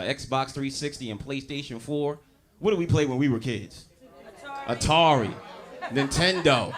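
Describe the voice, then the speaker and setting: A man doing a stand-up comedy set, telling loud, animated, profane stories and working the crowd. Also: fairly high pitch. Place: comedy stage before a live audience. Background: audience laughter.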